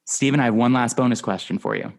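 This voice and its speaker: A man's voice: mid-range voice, fast, vocal fry. Chatty podcast host, man. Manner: chatty and laughing often. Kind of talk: casual chat.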